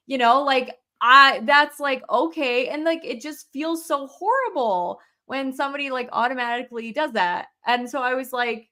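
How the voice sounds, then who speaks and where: A woman co-hosting a podcast in casual video-call chat, animated and blunt, swearing when heated. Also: high-pitched, normal speed, hardly any pauses. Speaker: podcast co-host.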